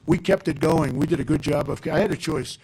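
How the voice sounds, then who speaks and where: An older man gives a rambling campaign speech full of digressions at a podium mic, repeating points for emphasis at an outdoor or large rally venue. He talks fairly quickly in a slightly high, husky voice with a darkish tone.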